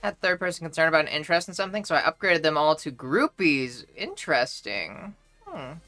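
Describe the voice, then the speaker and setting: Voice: medium pitch, very animated, a little fast, sharp tone, soft background music. A young adult streamer casually chatting with a live audience, playful, profane and mock-indignant. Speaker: livestreamer reading chat.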